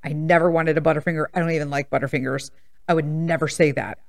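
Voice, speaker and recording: A woman in her fifties hosts a podcast, telling personal stories in a low, creaky voice with fairly even intonation and a fast delivery. She's blunt, sassy and emphatic in this casual monologue, often laughing at herself.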